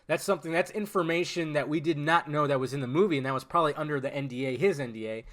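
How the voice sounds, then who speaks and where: A young man talks casually through his own podcast with a fairly high voice. He gets animated and swears freely, leaping to loud outbursts and dropping into quick mumbled asides. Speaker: podcast host. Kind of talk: casual solo podcast chat.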